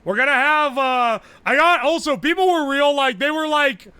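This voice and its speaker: A man streaming live, chatting casually, loud and profane, yelling nearly every phrase. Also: extremely high pitch, animated, normal speed, smooth, dry recording. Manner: brash and profane. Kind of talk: casual livestream chat.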